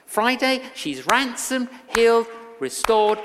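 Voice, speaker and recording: A woman's voice: a little high, sing-song, takes it slowly, noisy background. A woman evangelist preaching a sermon, telling stories and acting out what people said. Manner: storytelling, acting out quoted lines. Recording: reverberant hall.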